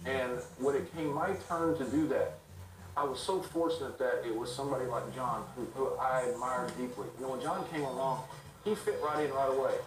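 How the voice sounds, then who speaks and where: A middle-aged man, a guest in an interview, telling stories in an animated, quick way with restarts. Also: medium pitch. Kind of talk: storytelling in a casual interview. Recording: roomy sound from a distant mic.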